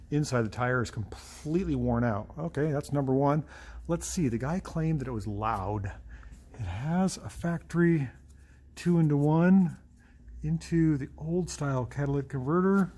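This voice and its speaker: A man's voice: medium pitch, a little mellow, slightly rough. A man giving a casual, chatty walkaround of a car as he works on it, thinking aloud and easily amused by what he finds. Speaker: car mechanic showing a car.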